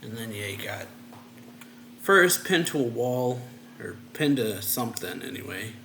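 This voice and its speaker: A man's voice: mid-range voice, sing-song, unhurried, gravelly, bright, forceful tone, slight background noise. A man reviewing a manga chapter for his reaction channel, retelling the scenes in a loose, rambling way. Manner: loose and rambling, retelling scenes with many "and then, yeah" fillers. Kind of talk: casual recap of a manga chapter.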